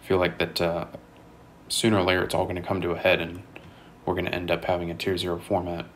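A man's voice: sits low, fast talker, slight background noise. A tired man rambling casually with lots of fillers while he plays a video game. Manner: rambling, relaxed, many fillers and restarts. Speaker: gaming channel host.

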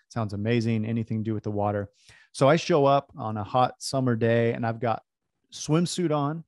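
A man from California telling a personal story in an animated, self-deprecating way to an audience. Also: medium pitch, no room sound, studio quality. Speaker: speaker. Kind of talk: storytelling talk.

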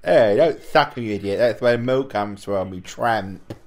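A man's voice: fairly low pitch, measured pace, over a noisy crowd. A man trolling other players in game voice chat, mocking and sarcastic. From southern England. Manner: taunting, sarcastic, jumps between loud jeers and mock sweetness. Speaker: online game troll streamer.

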